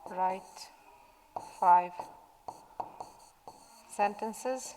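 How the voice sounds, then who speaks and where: A woman's voice: mid-range voice, extremely slow, warm tone, long reverb tail, a little hiss or hum, poor audio. A woman teacher recording a spelling lesson for pupils at home, dictating words patiently from her classroom. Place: classroom at school.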